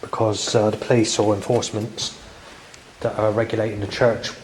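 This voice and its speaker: A man's voice: fairly low pitch, little pitch movement, moderate pace, a little mellow, slight background noise. A man talking to camera outdoors in a rambling video diary, hesitant, often restarting and repeating himself. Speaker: vlogger.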